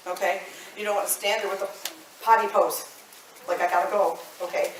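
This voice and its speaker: A woman voice teacher leading a live singing workshop, chatting to the group and checking in with "okay?" after each point. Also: fairly low pitch. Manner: chatty, ends phrases with "okay?". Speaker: voice teacher and choir director. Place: large echoey room with a live group. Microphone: room mic at a distance. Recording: roomy, distant, faint hiss.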